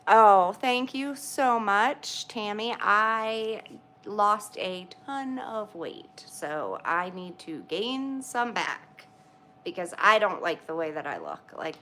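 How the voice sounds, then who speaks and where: A woman's voice: mid-range voice, sharp tone. A woman, chatting casually with livestream viewers, greeting them by name and laughing often. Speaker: livestream host.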